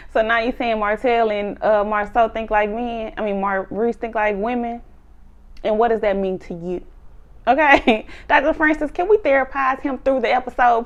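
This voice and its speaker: A woman's voice: mid-range voice, lo-fi sound. A woman, recapping a reality show in blunt, profane casual commentary. She laughs often and acts out what the people on the show said. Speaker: TV show reviewer.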